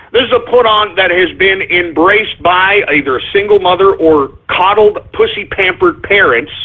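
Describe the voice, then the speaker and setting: A man's voice: sits high, husky. A man hosting a talk radio show, ranting in an abrasive, confrontational way. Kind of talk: call-in radio rant. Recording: tinny phone-like lo-fi audio.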